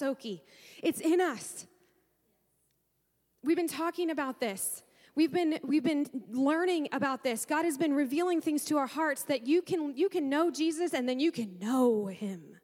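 A woman pastor delivers a fervent, emotional sermon in a high voice. Her words ring out into a church hall with a long reverb trailing behind them. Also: moderate pace, darkish tone. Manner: fervent and emotional, with sighs and repeated praise. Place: church sanctuary.

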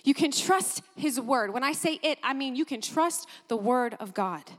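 High-voiced woman preaching a sermon. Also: moderate pace, in a large hall. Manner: animated, exclaims and repeats phrases for emphasis. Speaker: pastor.

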